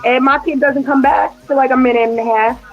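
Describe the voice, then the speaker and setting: A woman's voice: sits high, fairly quick, dull audio. A woman hosting a casual chat show, telling stories about her young son and acting out what he said. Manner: animated, acts out her son's quotes. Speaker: podcast host.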